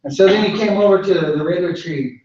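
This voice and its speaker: A man, a cultural director, telling a traditional story in a relaxed way, repeating phrases. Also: high voice, brisk. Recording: echoey room, far mic, dull.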